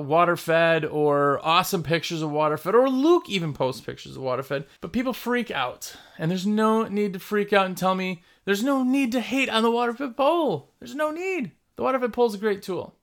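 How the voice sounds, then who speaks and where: Speaking a little fast, this window cleaning business owner hosts a laid-back video about his work. His high-pitched voice is expressive with a fairly bright tone, and his delivery is blunt and emphatic, full of repetition.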